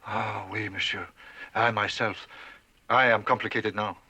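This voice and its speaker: An actor playing a polite shopkeeper, in a 1960s TV western. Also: male voice, fairly low pitch, fairly even intonation, measured pace, bright, forceful tone, slightly rough, full character voice. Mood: courteous. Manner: courteous, formal phrasing. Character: polite French shopkeeper in New Orleans.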